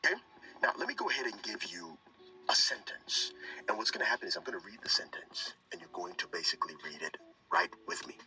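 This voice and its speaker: A man teaching English phrasing in a lively instructional video, reading example sentences quickly and then slowly. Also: sits low, a little hiss or hum. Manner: reads example sentences fast then slow, animated. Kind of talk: lively instructional read-along. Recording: played from a video, some distance from mic, light music.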